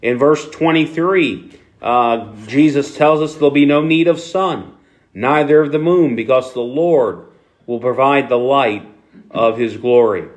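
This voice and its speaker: A man's voice: mid-range voice, a little slow. A man with a Philadelphia accent preaching a sermon to his congregation, conversational, with many fillers and restarts. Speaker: pastor.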